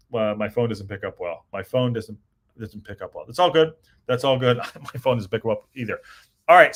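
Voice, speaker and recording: A man's voice: mid-range voice, a bit bright. A man hosting a casual live-stream podcast, reading the chat aloud and rambling with lots of fillers and restarts. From United States.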